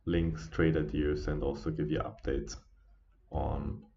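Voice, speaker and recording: Very deep, slow, sleepy-sounding man. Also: level tone, gravelly, warm tone. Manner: tired, halting, with many fillers and restarts. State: sleepy, yawning. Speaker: trading stream host. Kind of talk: casual live trading commentary. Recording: dull lo-fi stream audio.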